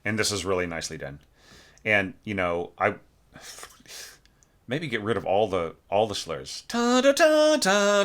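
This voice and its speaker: A man with a very low voice goes through a student's score in a loose, thinking-aloud way. He stumbles and corrects himself often and sings melodic fragments on nonsense syllables to make his points. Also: fairly bright tone. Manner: frequent fillers and self-corrections. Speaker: orchestration teacher. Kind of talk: score critique.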